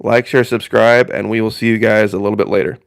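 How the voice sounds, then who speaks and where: A man's voice: lowish voice, fairly even intonation, a little fast, vocal fry, smooth, no echo, clean studio sound. A man from northern Indiana hosting a live stream in casual chat, rambling in a folksy way and repeating phrases for emphasis.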